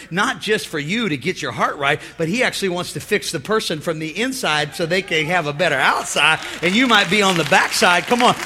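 A man preaching a lively sermon, calling for amens and acting out the voices of the people in his stories. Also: high voice, slight background noise. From United States. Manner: lively preaching, calls for amen, acts out voices. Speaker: pastor.

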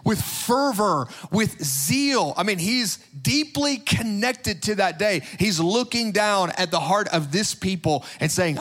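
A man's voice: high voice, expressive, takes it slowly, hardly any pauses, fairly bright tone. A man preaching a sermon in a fervent, emphatic way, building his points through repeated phrases.

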